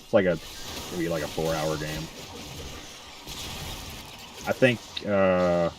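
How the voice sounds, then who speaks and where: A man's voice: low voice, steady tone, slow pace, recorded from a distance. A man chatting casually while gaming, rambling with lots of restarts. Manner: rambling, restarts, laughs along. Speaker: gaming streamer.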